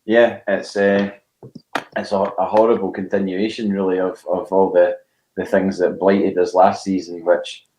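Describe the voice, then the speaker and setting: A man co-hosting a casual football podcast, jokey and quick to laugh. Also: deep voice, little pitch movement, dark tone, reverberant, low-quality recording. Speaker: podcast co-host.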